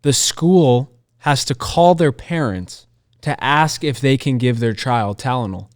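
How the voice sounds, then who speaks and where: A man co-hosts a conversational Christian podcast, speaking earnestly and emphatically and repeating his key phrases. His voice is medium-pitched and animated, and he's in no hurry.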